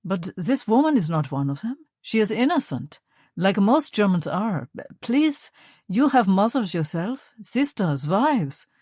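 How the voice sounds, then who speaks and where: A woman's voice: mid-range voice, sing-song, a little slow, mellow, slightly rough, dry recording, studio quality. A woman voicing an earnest male priest who pleads with soldiers. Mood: pleading.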